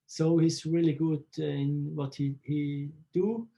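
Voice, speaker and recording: A man from Switzerland answers interview questions in halting English, often searching for words. His voice is gravelly and mellow, and he talks at a slow, unhurried pace. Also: fairly high pitch, little pitch movement. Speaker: photographer interviewee.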